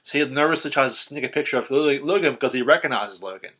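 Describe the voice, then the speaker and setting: Bright sharp-sounding guy on a podcast, swearing a lot, acting out the scenes. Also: mid-range voice, fast. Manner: animated, profane, acts out quotes loudly. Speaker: podcast co-host. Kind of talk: casual film discussion.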